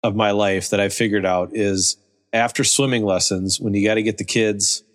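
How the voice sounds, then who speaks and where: A man's voice: fairly low pitch, fairly even intonation, normal speed. A man co-hosting a podcast, talking in a rambling, easygoing way, often repeating words as he goes. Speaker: podcast co-host. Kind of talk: casual chat.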